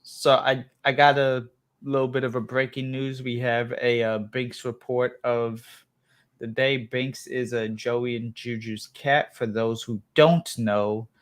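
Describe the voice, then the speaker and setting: A man hosts a casual livestream with friends. He talks in an unhurried, drawn-out way and keeps agreeing along. His voice sits at an everyday middle pitch. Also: flat delivery. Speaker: livestream host.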